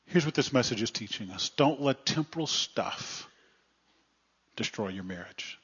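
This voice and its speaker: An earnest male pastor delivering a sermon in plain, practical words. His voice sits in an ordinary middle register and often sinks soft at the end of a phrase. The recording is somewhat dull and muffled. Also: medium pitch, animated, measured pace, husky. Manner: plainspoken, earnest, trailing off quietly at phrase ends.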